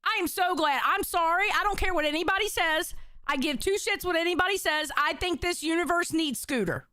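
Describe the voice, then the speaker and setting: A woman's voice: very high-pitched, a little fast, bright, forceful tone, dry recording. A woman in her forties hosting a livestream, talking bluntly and with lots of swearing as she reads the chat. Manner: blunt, profane, emphatic. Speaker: show host reading chat.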